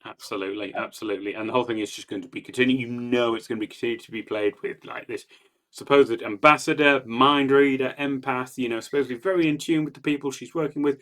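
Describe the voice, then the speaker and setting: A man's voice: mid-range voice, fairly even intonation, quick pace, a bit bright. A man co-hosting a podcast, giving analytical, agreeable commentary on a TV episode. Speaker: podcast co-host. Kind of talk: casual chat analyzing a TV episode.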